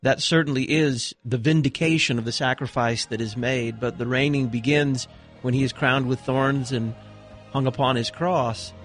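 A man hosting a radio talk show, reading announcements and introducing his guest in a smooth, practiced delivery. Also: medium pitch, fairly even intonation, normal speed, fairly bright tone, dry recording, soft background music.

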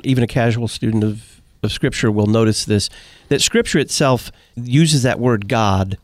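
A man hosts a radio talk show, putting questions to his guest in a measured, thoughtful way. His voice sits at an everyday pitch. The sound is dry and close-miked. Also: dry recording. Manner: measured, asks framing questions.

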